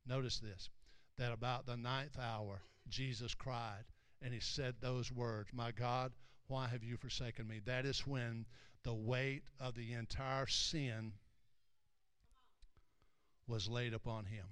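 A male preacher with a bright, crisp, clean voice, recorded dry and close. He reads scripture aloud slowly and then explains it, rising from hushed reading to loud, emphatic preaching. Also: mid-range voice, steady tone, no echo. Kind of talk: sermon.

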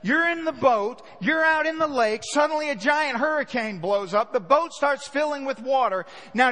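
A man with a very high voice preaches a sermon, painting scenes for his listeners and slipping into hushed asides. His voice rings out through a large hall with long reverb, the sound of a church sanctuary. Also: lively intonation, normal speed, few pauses. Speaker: pastor.

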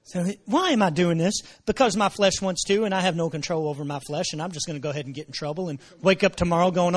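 A man preaching a sermon, repeating his phrases and dropping in praise exclamations, moving from low murmurs to shouted emphasis. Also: quick pace. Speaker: pastor.

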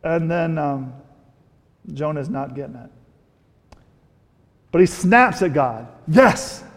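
High-voiced man preaching in a reverberant hall. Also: takes it slowly. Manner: animated, rhetorical questions, frequent restarts. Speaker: pastor. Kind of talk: sermon. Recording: long reverb of a large hall.

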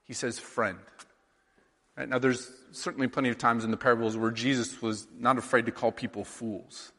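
A man's voice: mid-range voice, level tone, a little fast, fairly bright tone, long reverb tail. A man in his thirties from rural Iowa, preaching a sermon in a conversational way, with lots of rhetorical questions. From rural Iowa, USA. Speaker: pastor.

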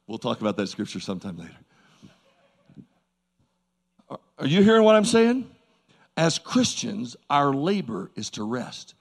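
A male preacher delivers a sermon to his congregation in a lively, folksy way, repeating his points for emphasis. His voice sits fairly high and carries a gravelly edge. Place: church service before a congregation.

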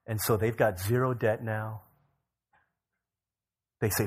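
A male pastor preaching, telling a story with rising bursts of energy and quiet low drops. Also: a little slow, long pauses, breathy edge. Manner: energetic storyteller who rises in pitch and volume for emphasis, then drops low. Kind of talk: sermon storytelling.

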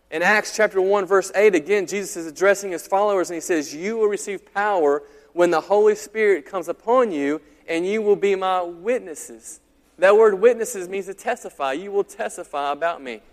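High-voiced pastor preaching in a reverberant hall. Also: male voice. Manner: conversational, animated preaching with restarts. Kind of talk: sermon. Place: church sanctuary.

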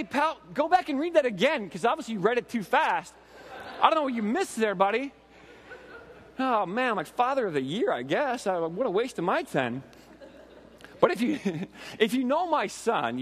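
A man in his forties preaching a sermon with animated, conversational storytelling and frequent asides to the congregation. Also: very high-pitched, moderate pace, big-room sound. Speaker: pastor.

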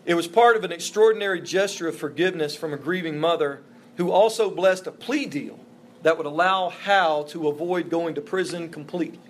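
A man's voice: a little high, a little fast, a little hiss or hum. A man preaching a sermon as a pastor, earnest and emphatic, with repeated phrases for stress. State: emotional, voice breaking.

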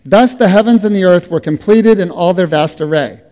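A middle-aged man preaching a sermon as a pastor, speaking slowly and deliberately, letting his phrases trail off softly. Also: high-pitched. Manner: slow, deliberate preaching with soft trailing endings. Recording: long reverb of a hall.

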